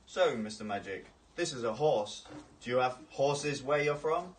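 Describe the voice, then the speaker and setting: A man's voice: medium pitch, lively intonation, unhurried, slight background noise, natural voice. Man playing a pompous arrogant king. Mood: haughty. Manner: grand, condescending, mocking, rising to furious shouts. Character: pompous arrogant male king, haughty and vain. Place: outdoors near stables. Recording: distant outdoor clip with faint ambience.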